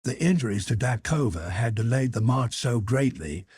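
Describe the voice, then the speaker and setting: Male audiobook narrator, measured storytelling, husky voice, dry close sound. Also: medium pitch, lively intonation, darkish tone, no echo.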